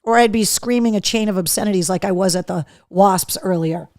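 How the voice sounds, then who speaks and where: A woman hosting a live show, chatting and reading viewer comments aloud, telling stories in an animated, profane way. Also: mid-range voice, a little fast, dry recording, studio quality. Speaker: host.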